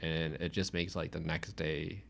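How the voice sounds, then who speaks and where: A man's voice: a bass voice, flat delivery, unhurried, gravelly, a bit bright, a little hiss or hum. A young man co-hosting a casual podcast chat, laid-back and teasing. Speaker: podcast co-host.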